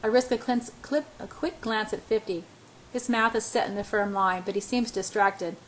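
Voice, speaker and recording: A woman's voice: mid-range voice, moderate pace, slight background noise, poor audio. A woman reading a first-person romance novel aloud as an audiobook. Her reading is unpolished, with frequent stumbles where she trips over a word and starts it again. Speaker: audiobook reader.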